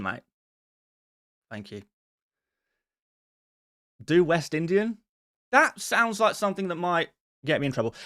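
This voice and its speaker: A man hosting a live stream, chatting casually as he answers viewer questions, self-deprecating and quick to laugh. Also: fairly high pitch, fairly bright tone, dry recording, studio quality. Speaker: fantasy football streamer.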